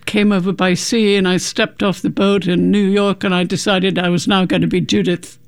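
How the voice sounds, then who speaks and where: Croaky older woman. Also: on the low side, flat delivery, normal speed. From England. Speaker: guest author. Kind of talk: casual radio interview.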